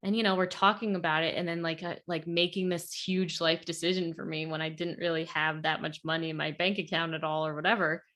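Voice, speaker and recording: A woman's voice: sits low, steady tone, brisk, hardly any pauses, a bit bright. A woman weight loss coach on a podcast, talking casually and earnestly over a video call, with many fillers. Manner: chatty, lots of "like", earnest.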